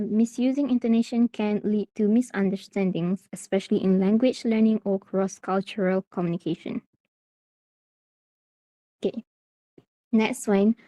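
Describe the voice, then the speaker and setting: A woman's voice: mid-range voice, steady tone, a little slow, mellow, no echo. A woman from Malaysia teaching an online English class, explaining steadily with many "okay" and "uh" fillers.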